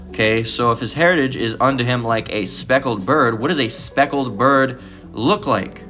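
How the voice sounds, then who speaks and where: A man's voice: mid-range voice, normal speed, fairly bright tone, faint music behind. A man giving an informal bible teaching, rambling with restarts and tagging lines with "all right?". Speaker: preacher.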